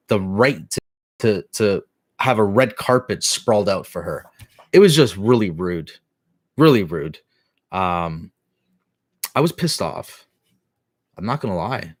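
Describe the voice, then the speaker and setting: A middle-aged man talks casually to his live-stream viewers, his low voice circling back on itself with fillers and restarts. The sound is dry and close, with no room around it. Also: dry recording. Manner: rambling storytelling with many restarts and fillers.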